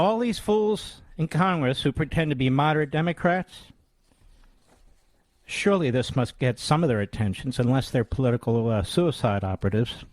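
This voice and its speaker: A man's voice: on the high side, darkish tone, no room sound. A man in his sixties hosting a talk radio show, delivering combative, scornful commentary with heavy emphasis. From United States. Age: 60s. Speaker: radio host.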